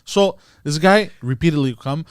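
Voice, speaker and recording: Man, podcast guest, slightly high voice, halting storyteller, dry studio. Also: clear, resonant tone, dry recording. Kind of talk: casual comedy podcast chat.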